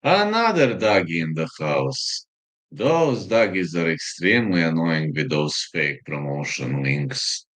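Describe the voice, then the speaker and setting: A man hosts a casual live stream and reacts to viewer comments. His voice sits very low and his delivery is slow and unhurried, with filler pauses. He is blunt and crude, and he swears freely. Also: very animated, a bit bright. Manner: blunt and crude, with frequent profanity. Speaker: livestream host.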